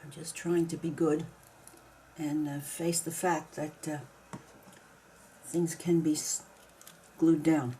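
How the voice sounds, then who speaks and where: A woman talks her way through a craft project in a slow, unhurried voice, step by step, muttering small complaints as she goes. Her voice is warm and mellow. A faint hum of room noise sits behind her. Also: sits low, fairly even intonation. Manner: chatty, mildly grumbling, talks herself through each step. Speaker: craft video maker. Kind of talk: casual narration while crafting.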